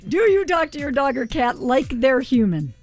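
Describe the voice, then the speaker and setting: A woman's voice: high-pitched, very animated, normal speed, a little mellow, faint music behind. Upbeat woman radio host. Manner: upbeat, leads the segment with questions. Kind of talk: morning radio chat.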